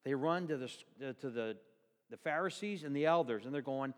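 A man's voice: mid-range voice, normal speed, long reverb tail. A male pastor preaching a sermon in a church, telling the story vividly and asking the congregation questions.

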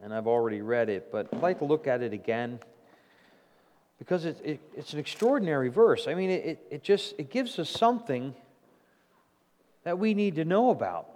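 A male pastor delivers a sermon in a church, his voice sitting slightly high and swinging widely in pitch. He often restarts his phrases as he builds a point. A long reverb trails his words through the sanctuary. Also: normal speed, a little hiss or hum. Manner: animated preaching with repeated restarts.

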